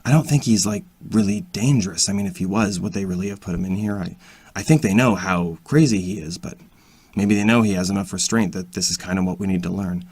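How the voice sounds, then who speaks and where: A man with a husky voice playing a soft-spoken young woman who hesitates and reassures the others in an amateur audio drama. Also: low-pitched, fairly quick, dry recording. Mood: hesitant.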